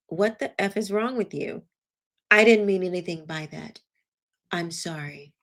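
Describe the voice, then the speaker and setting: Brief: woman commentary host, reads messages aloud, sarcastic asides, mid-pitched voice. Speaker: show host.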